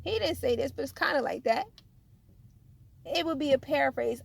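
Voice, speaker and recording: A woman preaching informally about her faith in a fervent, halting way, often repeating and restarting phrases and chuckling. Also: high-pitched, expressive, vocal fry. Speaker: spiritual vlogger.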